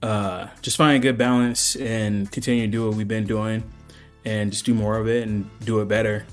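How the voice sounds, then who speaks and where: A man co-hosting a radio show, talking in a relaxed way and thinking aloud with many fillers. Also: lowish voice. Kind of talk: casual radio show chat.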